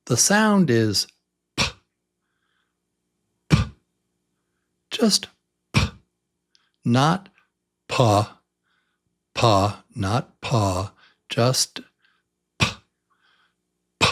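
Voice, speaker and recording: Slow, patient male English teacher. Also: medium pitch, very animated. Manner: patient, repeats each sound slowly and invites the learner to answer. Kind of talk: slow beginner pronunciation lesson.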